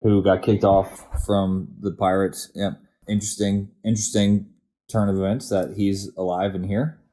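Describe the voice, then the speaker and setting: Brief: low-voiced young male co-host, dark mellow tone, laid-back and profane. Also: little pitch movement, normal speed. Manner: laid-back, short agreeing replies, profane asides. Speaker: podcast co-host. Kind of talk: casual TV episode discussion.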